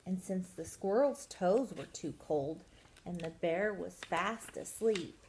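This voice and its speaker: A woman reads a picture book aloud for children, unhurried and expressive. Her voice sits on the low side, and she stretches gentle words out slowly. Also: a little hiss or hum, rough recording. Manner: expressive, drawing out soft words. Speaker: storytime reader.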